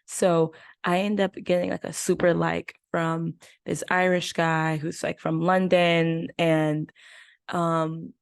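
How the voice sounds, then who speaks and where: A young woman hosts her own podcast, talking through a story in a loose, animated way, full of fillers and quick asides. Her voice sits a little low, and the recording is close and dry, with no room sound. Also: creaky, clean tone, no room sound. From United States. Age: 20s. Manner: animated, chatty storytelling with many fillers and laughs. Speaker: podcast host. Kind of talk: casual chat.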